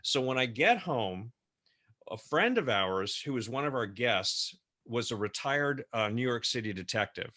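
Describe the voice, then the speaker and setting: A man spins a personal story during an interview, lively and acting out each quoted line. His voice has a bright, clear edge and sits at an ordinary middle pitch. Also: unhurried. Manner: lively storyteller who acts out quoted dialogue. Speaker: co-host. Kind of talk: telling a personal anecdote in an interview.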